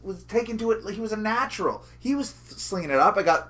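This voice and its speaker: A man co-hosting a podcast, telling stories in a joking, animated way and swearing casually. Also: sits high, fast talker. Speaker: podcast co-host. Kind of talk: casual chat.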